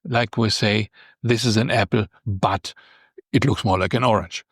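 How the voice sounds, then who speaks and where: A man teaching a beginner language lesson, explaining patiently step by step and lifting his pitch on key points. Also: steady tone, normal speed, breathy edge, no echo, studio quality.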